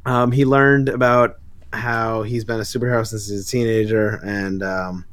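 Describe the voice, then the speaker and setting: A man co-hosting a podcast recaps a comic book in a lowish voice at normal speed, with no room sound. His retelling is animated and casual, full of laughs and exasperated asides.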